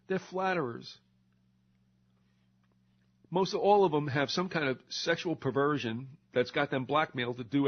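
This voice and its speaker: Sarcastic older man ranting, lo-fi sound. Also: mid-range voice. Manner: sarcastic, indignant, mocking asides. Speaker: radio talk show host. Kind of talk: ranting monologue. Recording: dull lo-fi recording.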